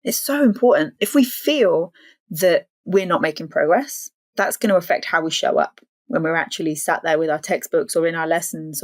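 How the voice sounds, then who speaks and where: A woman's voice: on the low side, dry recording. A woman from the English Midlands with an English accent, a language consultant chatting as an interview guest and laughing easily. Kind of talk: casual interview chat.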